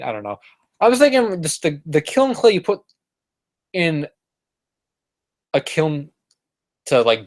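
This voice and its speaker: Guy rambling on his stream from his apartment, lots of likes and ums, normal middle-pitched voice. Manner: rambling, many fillers and restarts. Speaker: streamer answering chat. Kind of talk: casual live-stream chat. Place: apartment room.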